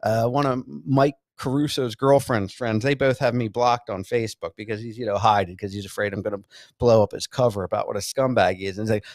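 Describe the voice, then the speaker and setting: A man's voice: lowish voice, fairly even intonation, brisk, no room sound, clean studio sound. A man co-hosting a podcast, telling rambling, profane stories and arguing combatively with his co-host. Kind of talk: crude casual banter.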